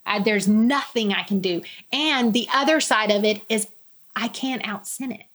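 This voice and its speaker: A middle-aged woman telling her personal story in conversation. She speaks candidly and earnestly, and she quotes other people in lively voices. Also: mid-range voice, normal speed. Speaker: guest sharing her testimony.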